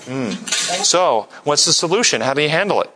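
A man teaching a church group, asking lively questions and sometimes mimicking others in a high voice. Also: a little fast, background noise. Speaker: church teacher leading a class discussion. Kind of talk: interactive sermon with audience questions.

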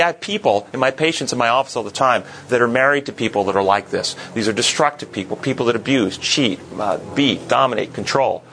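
A man's voice: mid-range voice, fairly bright tone, slight background noise, low-quality recording. A man leading a Bible study class, earnest, asking the group questions and repeating words for emphasis.

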